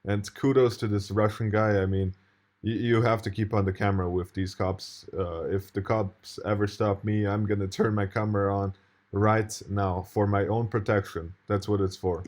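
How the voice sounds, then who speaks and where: A man's voice: fairly low pitch, level tone, moderate pace, a little mellow. A man commenting casually on a video he plays, indignant and rambling, swearing now and then. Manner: indignant, rambling, profane, with restarts and laughs.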